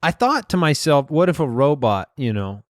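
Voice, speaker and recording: A man co-hosting a comedy podcast in goofy, self-mocking banter. His voice sits a little high and swings widely. The sound is dry, with light guitar music underneath. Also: very animated, moderate pace, dry recording. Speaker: podcast co-host.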